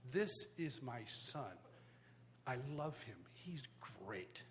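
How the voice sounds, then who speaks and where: A man quoting his loving older father lying on a hospital stretcher, in a soft, tender voice, recorded live in a reverberant hall. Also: high voice, moderate pace. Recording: live hall reverb, faint background noise.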